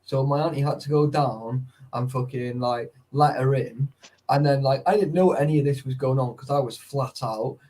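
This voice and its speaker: A man with a middle-pitched voice, chatting casually with friends. He tells his stories with lively energy and swears freely. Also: moderate pace, poor audio. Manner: swearing, animated storytelling. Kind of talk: casual chat.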